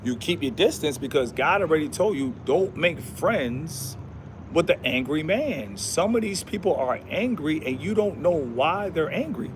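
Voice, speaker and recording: A man's voice: on the high side, animated, unhurried, background noise. A man hosting a casual livestream, talking in a preachy, repetitive way with slangy speech and Bible verses. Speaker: livestream host.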